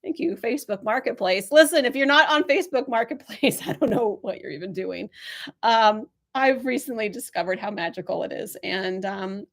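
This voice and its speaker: A woman's voice: a little high, moderate pace. A woman working as a spiritual business coach, leading a live channeling and coaching session and encouraging viewers effusively and directly.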